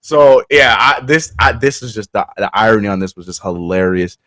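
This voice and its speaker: A man's voice: on the low side, lively intonation, moderate pace, a bit bright, no room sound, clean studio sound. Laid-back man co-hosting sports talk. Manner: laid-back, laughs often, trails off and restarts. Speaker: sports show co-host.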